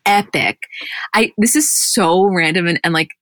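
A woman's voice: lowish voice, unhurried, fairly bright tone, no echo, clean studio sound. A woman co-hosting a casual recap podcast, chatty and rambling, acting out quotes and laughing often. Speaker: podcast co-host.

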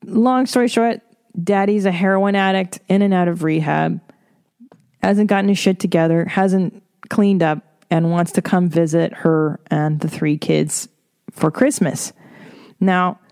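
A woman's voice: fairly low pitch, fairly even intonation, unhurried, a little mellow, dry recording, clean studio sound. Blunt, profane woman ranting on a podcast. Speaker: podcast host. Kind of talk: solo podcast rant. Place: home recording studio.

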